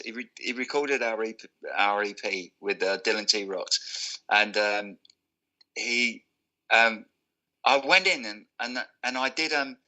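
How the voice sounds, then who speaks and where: A man's voice: medium pitch, bright, forceful tone. A male musician guest telling anecdotes in a casual, laughing, self-deprecating way. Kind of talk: casual storytelling.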